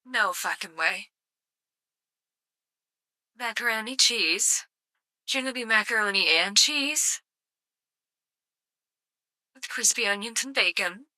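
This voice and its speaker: A woman's voice: medium pitch, bright, forceful tone, no echo. A woman live-streaming casual commentary, sarcastic and swearing freely with mock outrage.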